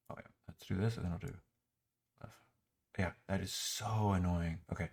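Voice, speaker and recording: Gravelly, exasperated man griping. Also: low voice, fairly quick, a little mellow. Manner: muttering while clicking through an app. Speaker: software reviewer. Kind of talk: screen-recorded software critique.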